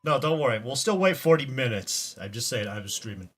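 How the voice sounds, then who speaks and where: Brief: husky male streamer, wildly swinging pitch, easygoing banter. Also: very animated, a little fast, a bit bright, faint music behind. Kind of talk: casual chat.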